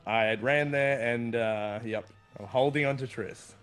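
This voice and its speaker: A man's voice: medium pitch, measured pace, a bit bright, clear, resonant tone, faint music behind. Laid-back man playing a tabletop game. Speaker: player. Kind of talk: casual tabletop play.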